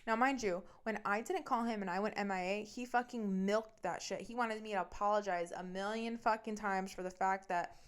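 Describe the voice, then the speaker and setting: A woman's voice: medium pitch, clear, resonant tone. Blunt, foul-mouthed woman podcast host. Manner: blunt, swears often; fast, animated retelling. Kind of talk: casual storytelling monologue.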